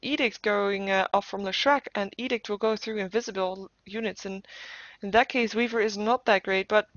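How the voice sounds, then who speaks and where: A woman's voice: mid-range voice, fairly even intonation, moderate pace, a bit bright, no echo. Woman, esports caster, live commentary, thinks aloud, playful asides, dull lo-fi recording.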